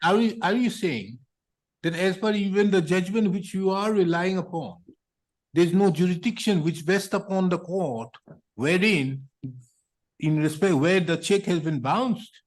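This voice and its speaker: Stern high-voiced Indian judge. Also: male voice, unhurried. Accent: Indian English. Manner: stern, impatient, lecturing. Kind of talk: courtroom hearing. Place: courtroom, on a video hearing feed.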